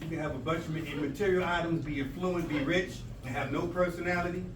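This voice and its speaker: A man speaking at a slightly high pitch gives an emphatic motivational talk to students. He is a language arts teacher who acts out quoted exchanges and plays with rhymes. He is caught from far off in an echoey room, with steady noise behind him. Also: fast talker. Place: school presentation room.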